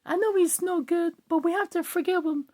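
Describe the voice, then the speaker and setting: A sweet young girlfriend in a high, thin falsetto, as a man puts her on. She sounds affectionate and tender. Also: fairly even intonation, fairly quick, a little mellow. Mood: pleading.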